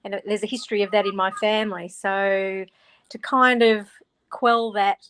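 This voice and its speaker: A woman's voice: mid-range voice, fairly even intonation, normal speed, a bit bright, a little hiss or hum. Aussie lady author chatting on a video call, laughs a lot, trips over words a bit. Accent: Australian. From Australia. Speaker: author guest. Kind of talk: casual interview chat.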